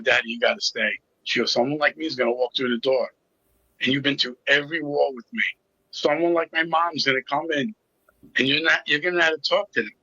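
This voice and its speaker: A man's voice: mid-range voice, pushed and bright, husky, dry recording, highs cut off. A middle-aged man telling his personal story as an interview guest, candid and with a sarcastic sense of humor. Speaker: interview guest, recovery coach.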